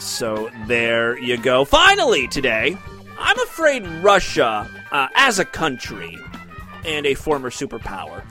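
A man with a high, very animated voice reads quirky news items and breaks off into sarcastic asides. His delivery jumps around for comic effect, and faint music runs in the background. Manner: sarcastic asides, exaggerated reading. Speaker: comedy news host. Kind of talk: comedic news reading with commentary.

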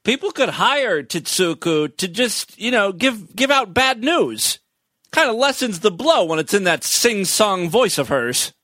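A man hosting a comedy show, making dry sarcastic asides with filler pauses. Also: high-pitched, very animated, sharp tone, dry recording. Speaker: comedy podcast host. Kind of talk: deadpan comedic monologue.

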